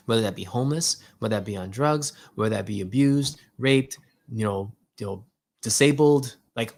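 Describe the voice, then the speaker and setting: A man with a gravelly, creaky voice at an ordinary middle pitch, talking through a personal story in loose, slangy speech. He animates both sides of the exchange and fills his sentences with "like" and "yo." He is reflecting on what the encounter meant spiritually. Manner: casual slangy talk, many "like" and "yo" fillers. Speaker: host.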